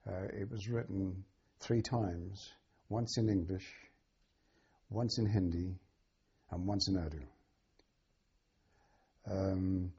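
An older man speaks in a deeply husky, somewhat low voice. He is interviewed about his memories and pauses often, filling gaps with ums and restarts. The recording sounds dull and lo-fi. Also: fairly even intonation, warm tone. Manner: halting, with many ums and restarts. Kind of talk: oral history recollection.

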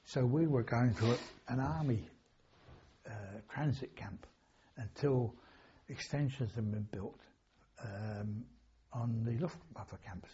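Taking his time, an elderly English veteran interviewed for an oral history shares wartime recollections, wandering off into anecdotes with chuckles and self-corrections. His voice sits at medium pitch, mellow with a breathy edge, and the recording is muffled.

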